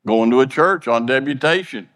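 A man's voice: medium pitch, lively intonation, normal speed, fairly bright tone, big-room sound. A man preaching a sermon in a plainspoken, folksy way, earnestly repeating and stumbling over words.

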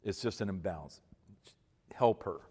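A man's voice: low-pitched, normal speed, mellow, husky. A man in his fifties giving folksy, emphatic advice to an audience, often repeating himself for emphasis. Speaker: speaker giving marriage advice to men. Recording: long hall reverb.

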